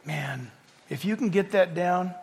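A man preaching as a pastor, animated, moving from hushed tones to loud calls. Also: sits high, unhurried, a little hiss or hum. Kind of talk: sermon. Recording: long reverb of a large hall.

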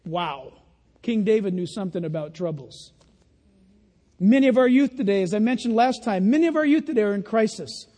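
An older man preaching a sermon as pastor of his church, animated and folksy, acting out the voices he quotes. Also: high voice, moderate pace. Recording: long reverb of a church hall.

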